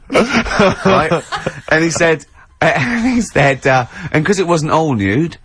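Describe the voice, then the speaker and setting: A man's voice: fairly high pitch, very animated, slow pace, hardly any pauses, fairly bright tone, a little hiss or hum. An English man hosting a radio show, telling stories and quoting a friend in casual banter. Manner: storytelling, quoting a friend with laughs. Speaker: radio host. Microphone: studio microphone.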